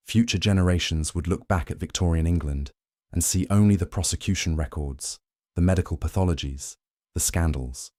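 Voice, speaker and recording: Low, dark-voiced male sleep narrator. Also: no echo, clean studio sound. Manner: calm, measured, even storytelling. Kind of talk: scripted second-person bedtime history narration.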